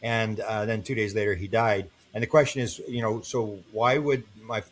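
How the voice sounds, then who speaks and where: A man's voice: lowish voice, moderate pace, a little hiss or hum. An older man, a guest on an interview podcast, telling long stories and acting out the voices of the people in them. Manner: animated storyteller, acts out quoted voices.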